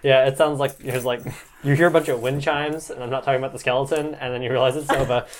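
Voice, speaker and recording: Game master, woman, low voice, teasing and joking. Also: steady tone. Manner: joking, teasing, quick asides. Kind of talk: narrating a tabletop game.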